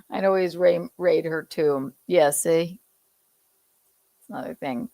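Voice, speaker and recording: A woman's voice: fairly low pitch, animated, slow pace, dark tone, no echo. A woman from the American South hosting a casual pop-culture chat, loose and gossipy, often laughing. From Southern United States. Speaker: podcast host.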